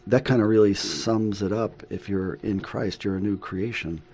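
A middle-aged man co-hosting a casual faith talk, halting, with frequent ums and chuckles. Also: on the low side, darkish tone. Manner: halting, with many ums and laughs. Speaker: co-host.

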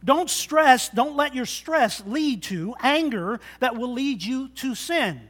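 A middle-aged male pastor preaching a sermon in a church, joking and swinging between loud bursts and quiet asides. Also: very high voice, lively intonation, slow pace. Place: church sanctuary.

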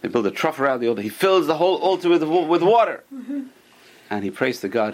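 Animated man teaching a Torah class. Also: a little high, fairly quick. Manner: animated storyteller, asks the listeners questions. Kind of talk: Torah class to a small group.

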